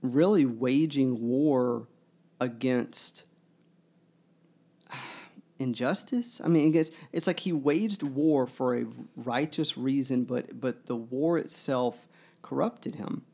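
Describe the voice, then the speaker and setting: A man with a gravelly, mellow voice talks through a book in casual discussion. He muses aloud at a middling pitch. He stops often to restart his sentences. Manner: musing, halting, many restarts.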